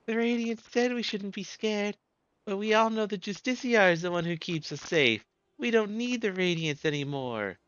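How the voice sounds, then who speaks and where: Pleading little girl in a high squeaky voice, a man puts it on, muffled with faint game music. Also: animated, moderate pace, a bit bright, clear, resonant tone, no room sound. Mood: earnest. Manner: pleading, earnest. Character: naive young girl who idolizes a hero.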